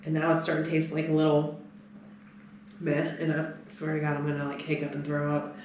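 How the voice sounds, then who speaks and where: A woman co-hosting a casual podcast, telling lively stories among friends. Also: brisk, very echoey, a little hiss or hum. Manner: animated storyteller, mimics people in higher voices. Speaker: podcast co-host. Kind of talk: casual chat.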